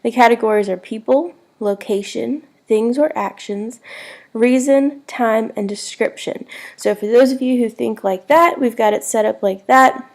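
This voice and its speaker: A woman's voice: on the high side, measured pace. A woman teaching a recorded Spanish lesson, spelling words out letter by letter.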